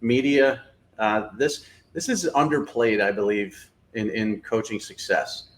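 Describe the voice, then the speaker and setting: A man's voice: on the low side, a little slow, slight background noise. A middle-aged man hosting a sports show, giving blunt, opinionated analysis in casual talk with lots of fillers.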